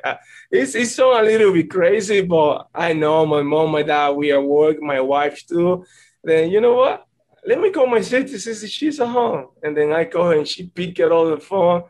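A man's voice: fairly high pitch, a little mellow, rough recording. A young man from the Dominican Republic, a baseball player answering press questions earnestly, stringing thoughts together with "and then". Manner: earnest, rambling, repeats "and then".

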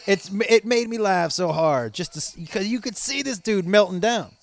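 A man's voice: high-pitched, lively intonation, normal speed, creaky, soft background music. A man hosting his own podcast as a comedian, in a casual, profane, rambling way with laughing asides. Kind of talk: casual solo podcast chat.

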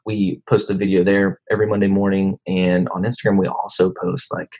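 A man, a guest in a casual interview, talking in a relaxed, rambling way. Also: low voice, fairly quick, rough recording. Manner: relaxed, rambling, many fillers. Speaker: comedy video maker, guest.

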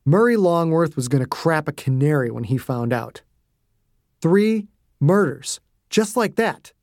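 A man's voice: fairly high pitch, animated, measured pace, darkish tone, no echo, clean studio sound. Man narrating a gritty thriller. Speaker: author and narrator. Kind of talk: scripted audiobook narration.

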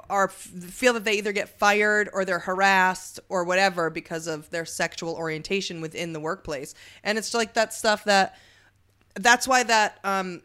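A woman's voice: medium pitch, pushed and bright, smooth. A woman co-hosting a comedy podcast, explaining the news in a rambling, giggly way and often losing her train of thought. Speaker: podcast co-host. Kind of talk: casual comedic chat.

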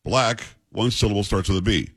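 A man's voice: fairly low pitch, brisk, a bit bright, slightly rough. A male radio talk show host in casual, wry banter, mocking the clips he plays.

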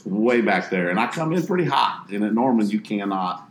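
A professional bass angler telling a story in casual talk, animating it by acting out the others. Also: male voice, expressive, normal speed, reverberant, crowd noise.

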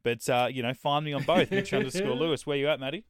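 A man's voice: on the high side, fast, no room sound. A man co-hosting a podcast in casual chat, jokey and often laughing into a close mic. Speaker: podcast co-host.

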